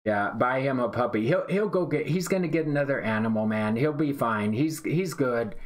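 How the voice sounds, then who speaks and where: A man's voice: medium pitch, lively intonation, moderate pace. A man telling a long story in a laid-back, drawling way on a live stream, often repeating himself and tagging "man" onto his lines. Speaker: day-trading live streamer.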